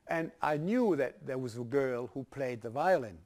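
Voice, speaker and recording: A man's voice: mid-range voice, normal speed, few pauses, darkish tone. An older man with a German accent giving a university lecture, hesitant, with many restarts and fillers.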